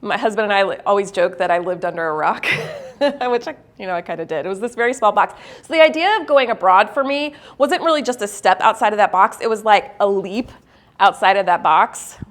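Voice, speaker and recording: A woman giving a motivational keynote at a university event. She tells a story against herself with lively, self-mocking humor and laughs often, then slows into a low, earnest tone for the lesson. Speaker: keynote speaker.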